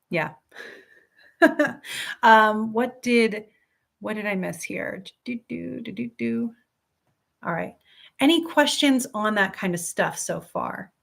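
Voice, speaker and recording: A woman's voice: mid-range voice, a bit bright. A woman hosting a casual live stream, explaining astrology in an upbeat, chatty way, answering viewers by name with frequent ums and light laughs. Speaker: astrology teacher and livestream host.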